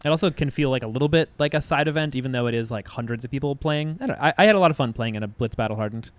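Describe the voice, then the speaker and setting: A man co-hosting a podcast in casual chat, agreeable and quick to chime in. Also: mid-range voice, a little hiss or hum. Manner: quick, agreeable back-and-forth. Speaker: podcast co-host.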